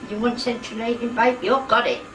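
A woman's voice: a little high, brisk. An elderly woman, taunting and cursing as she plays a video game, cackling between insults. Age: older. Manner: foul-mouthed, cackling, taunting. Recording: roomy, distant mic, noisy background.

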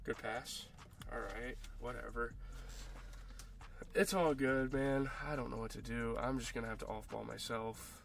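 A young man commentating his own basketball video game match, frustrated and swearing, often yelling at his opponent. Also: medium pitch, steady tone, a little slow, vocal fry. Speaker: gaming YouTuber. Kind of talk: live gameplay commentary.

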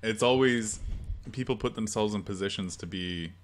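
A man's voice: on the low side, moderate pace. A man co-hosting a podcast, asking pointed rhetorical questions in casual chat. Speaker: podcast co-host.

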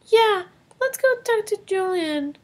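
A woman voicing a worried little girl in a toy film, speaking in a high, childlike way. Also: lively intonation, slow, darkish tone, full character voice. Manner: worried and pleading. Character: little girl who has lost her voice.

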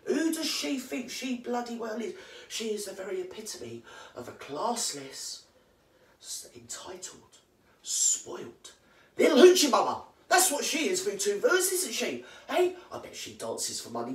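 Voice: huge pitch swings, moderate pace. A performer playing an indignant old English granny with a British accent who gossips and swears in a rambling comedy monologue, recorded in a roomy space from a distant mic. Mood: ranting gossip. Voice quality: slangy, swears constantly and rambles. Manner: mock-outraged gossiping with big pitch swings.

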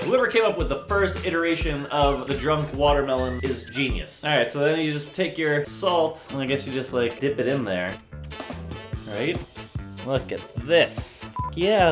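Brief: man, DIY host, foul-mouthed and sarcastic, pitch swinging all over the place, echoey room with music behind. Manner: profane, excitable, sarcastic. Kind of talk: casual comedic DIY video.

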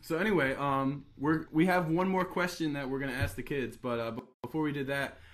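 A young man hosting a live webcast interview, talking in quick, crude, mocking banter. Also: fairly high pitch, steady tone, fairly bright tone. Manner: joking, rapid, crude and mocking.

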